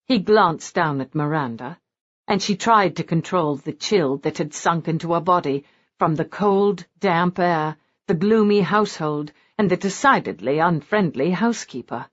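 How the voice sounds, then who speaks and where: A woman reads a romance novel aloud in an expressive narrating style. Her voice sits low and moves in lively pitch swings. The recording sounds dull and lo-fi. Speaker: audiobook narrator.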